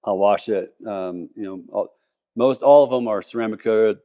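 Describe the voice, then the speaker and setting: Enthusiastic lower-voiced man telling car stories. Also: normal speed, mellow. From Colorado, US. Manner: enthusiastic, rambling with restarts. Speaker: podcast guest, car collector. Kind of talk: casual interview talk.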